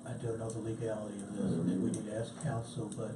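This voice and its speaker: A man serving as a county commissioner, reasoning aloud in a deliberate way during a meeting. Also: on the low side, little pitch movement. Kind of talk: meeting discussion. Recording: echoey room from far off, clear hiss.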